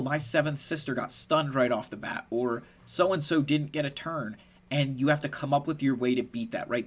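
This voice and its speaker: With a slightly rough mid-range voice, a male gaming content creator gives casual, passionate commentary explaining a strategy game. He stays animated and emphatic, keeps adding "right?" and laughs at himself.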